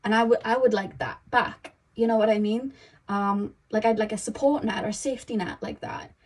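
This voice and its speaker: A woman's voice: mid-range voice, a little fast. Chatty young woman giving a tarot reading. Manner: chatty, rambling, lots of "you know" and "um". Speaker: tarot reader. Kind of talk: casual spoken tarot reading.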